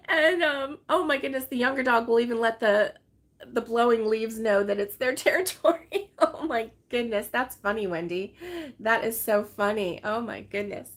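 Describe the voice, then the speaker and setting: A woman's voice: a little high, unhurried. Chatty woman hosting a crochet stream. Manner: rambling, chatty, laughs often. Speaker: crochet channel host. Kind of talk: casual livestream chat reading viewer comments. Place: her home, with dogs around.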